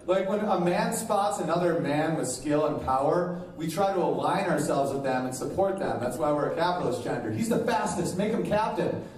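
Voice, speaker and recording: A man's voice: fairly high pitch, lively intonation, a little fast, hardly any pauses, a little mellow. A man doing a stand-up set, brash and crude in an observational rant. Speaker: stand-up comedian. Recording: far-off echoey club mic with crowd.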